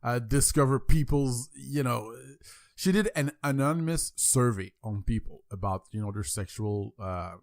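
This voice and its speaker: A man from France with a French accent hosts a podcast in loose, casual talk. He repeats himself and leans on fillers. His mid-pitched voice sits in a dry, close sound. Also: moderate pace, dry recording. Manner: rambling, repeats words, many fillers. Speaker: podcast host.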